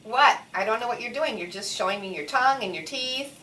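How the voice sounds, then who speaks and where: A woman speech therapist prompting a young child word by word in a slow, animated way during a one-on-one session. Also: a little high. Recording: echoey room, mic at a distance.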